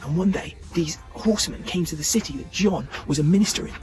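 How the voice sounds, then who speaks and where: A man telling a story to children in a lively, chatty way. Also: fairly high pitch, fast talker, faint music behind. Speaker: children's church leader.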